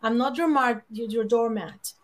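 A woman giving public speaking advice in an emphatic, animated way, often laughing and acting out quoted lines. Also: fairly high pitch, moderate pace. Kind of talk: lively conversational advice.

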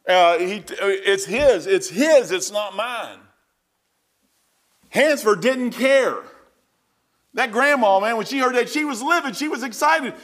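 A man's voice: very high-pitched, expressive, a little slow, a bit bright. A middle-aged man preaching, telling a story in a rambling way with many restarts. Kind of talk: sermon storytelling.

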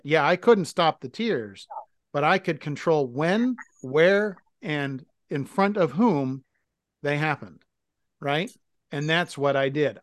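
A man co-hosting a casual podcast, talking candidly and thinking aloud. His voice sits a little high for a man. It is recorded close and dry, with no room sound. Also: a bit bright, no echo. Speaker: podcast co-host.

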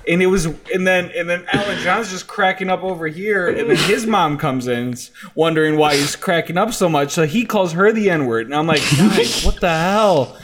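A man's voice: fairly high pitch, noisy background. A man co-hosting a podcast in casual chat, telling stories and teasing the others.

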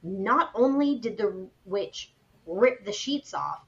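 A woman co-hosting a podcast, retelling a spooky story in a casual, animated way with plenty of fillers. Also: medium pitch, slow, dull audio. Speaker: podcast co-host.

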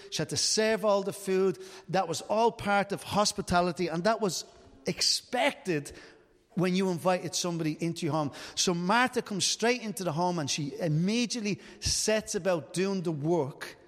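A man's voice: a little high, in a large hall. A middle-aged man preaching a sermon as pastor, earnest and full of rhetorical questions.

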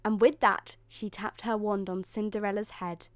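A woman's voice: medium pitch, fairly even intonation, moderate pace, no room sound. Woman host, bedtime story narration, soothing, mid voice, dry close sound.

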